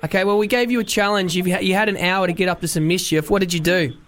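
A man's voice: sits high, fairly even intonation, quick pace, fairly bright tone, slight background noise. A man hosting a radio show, chatting casually and telling stories. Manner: chatty, tells anecdotes with acted quotes. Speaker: radio host.

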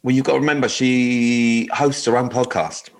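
A man's voice: medium pitch, flat delivery, moderate pace. A man co-hosting a radio dating show, rambling and joking with lots of fillers. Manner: jokey, rambling, full of fillers. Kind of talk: casual chat.

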